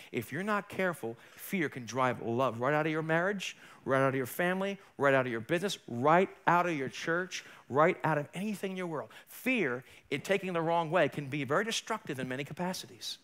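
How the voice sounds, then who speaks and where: A male pastor preaching a sermon in a church, emphatic and building to forceful peaks. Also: a little high, lively intonation, brisk, hardly any pauses. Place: church sanctuary.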